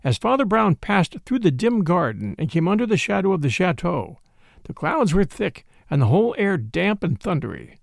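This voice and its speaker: A man narrating a classic mystery story in a measured, expressive storytelling style. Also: high voice, gravelly, no room sound, studio quality. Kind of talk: scripted audiobook narration.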